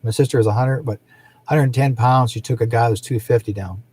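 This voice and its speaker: A middle-aged man rambles on casually as the host of a psychic livestream, his voice husky and dark. He drifts from story to story and laughs often. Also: medium pitch, fairly even intonation, fast talker. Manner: rambling, chatty, laughs often, acts out quoted people.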